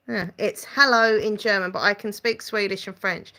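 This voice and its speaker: A woman's voice: mid-range voice, steady tone, moderate pace, few pauses, bright, forceful tone. A woman with an Essex accent, hosting a casual live stream, rambling and reading out viewer comments. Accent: Essex English. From England.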